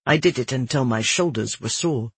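A man reading a first-person story aloud in a steady, descriptive way. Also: mid-range voice, normal speed, breathy edge, no room sound. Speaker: audiobook narrator. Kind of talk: scripted first-person narration.

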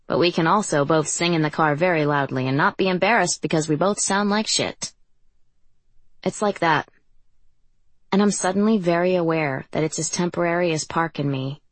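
A woman narrating a first-person audiobook in an even, reflective reading voice. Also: low voice, dry recording.

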